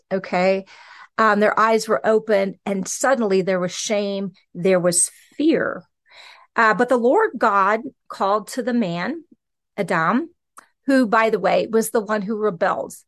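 A woman teaches scripture on her podcast in a relaxed, conversational way. She talks with animated energy and keeps checking in with her listeners. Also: medium pitch. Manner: animated, conversational, frequent "okay" and "right". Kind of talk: casual Bible teaching.

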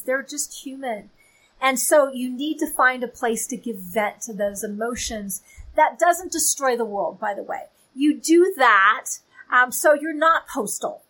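A Christian author and teacher gives a conversational, faith-based lesson in a slightly high, fairly bright voice. She's earnest and candid, checking in with listeners through "okay?" and "you know." The recording quality is low.

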